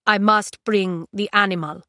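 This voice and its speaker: A woman voicing a middle-aged desert stranger who speaks with a thick accent and stumbles slowly over his words. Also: medium pitch, steady tone, pushed and bright, dry recording, studio quality. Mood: helpful.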